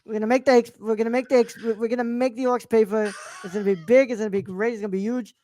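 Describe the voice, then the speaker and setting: A man's voice: high-pitched, fairly even intonation, racing, mellow, dry recording, natural voice. A man doing a bragging politician impression. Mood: boastful. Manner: rambling, repetitive bragging. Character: boastful male politician impression.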